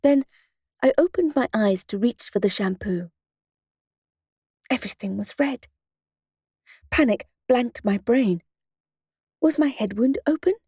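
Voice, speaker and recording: A woman narrating a first-person audiobook in a steady, expressive storytelling manner into a close studio mic. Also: a little high, measured pace, pauses often, slightly rough, dry recording.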